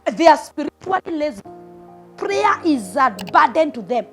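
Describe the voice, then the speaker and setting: A woman preaches relationship advice with emphatic, punchy delivery and repeated short commands. Her voice sits fairly high. Faint music runs beneath her. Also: sing-song, moderate pace. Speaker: prophetess preacher. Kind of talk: sermon-style relationship advice.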